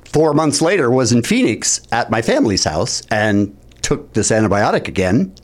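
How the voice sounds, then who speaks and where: A man co-hosting a radio show, telling a story in an animated way with exasperated retorts. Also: mid-range voice, normal speed. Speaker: radio co-host. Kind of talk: casual storytelling.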